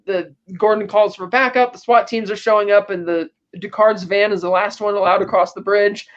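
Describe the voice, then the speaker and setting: A man with a fairly high voice gives a casual, meandering movie recap and paraphrases what the characters say. The audio sounds dull and lo-fi. He talks like a podcast co-host walking his friends through the plot. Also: steady tone, normal speed, fairly bright tone. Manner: rambling retelling with loose paraphrased quotes.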